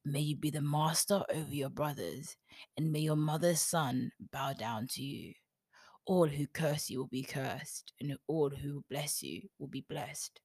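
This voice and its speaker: A woman voicing an old father who speaks slowly and solemnly as he gives a blessing. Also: deep voice, a little mellow, husky, dry recording, full character voice.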